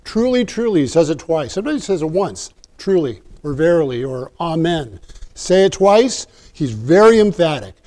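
A man's voice: fairly high pitch, sing-song, moderate pace, warm tone. A man preaching a sermon in an earnest, emphatic way, often restarting his sentences.

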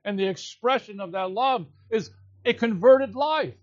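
A man preaching an expository sermon, voice pitched fairly high and delivery unhurried. He leans into key words with emphatic repetition. The recording is dry and somewhat dull. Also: no room sound.

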